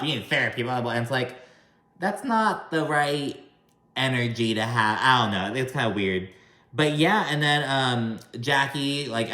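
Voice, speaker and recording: A man's voice: mid-range voice, a bit bright, roomy sound. A man giving a casual, chatty video recap of a reality show, gossipy and full of swearing.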